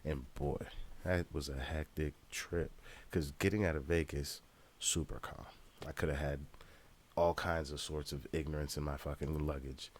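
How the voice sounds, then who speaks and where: Rapper-vlogger type: very low-pitched man, swearing freely through a loose travel story. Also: steady tone, normal speed. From United States. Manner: profane, loose and ranting. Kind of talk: casual travel vlog storytelling.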